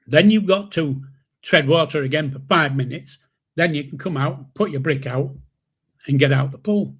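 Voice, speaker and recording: A man's voice: on the high side, moderate pace, slightly rough. An older man doing a stern barking army corporal. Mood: commanding. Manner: barking orders. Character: stern male army corporal giving orders.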